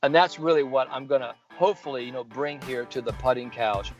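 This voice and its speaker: The enthusiastic storytelling of an older man, a sports psychologist in golf, comes through an interview full of fillers and restarts. His medium-pitched voice is brisk, the recording dull, dry, and lo-fi, with faint music behind.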